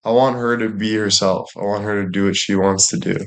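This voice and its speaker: A young man in loose, crude conversation, talking in circles and breaking into laughter. His voice sits a bit on the low side. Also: steady tone, a little fast. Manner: crude, rambling, laughs often. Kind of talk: casual chat.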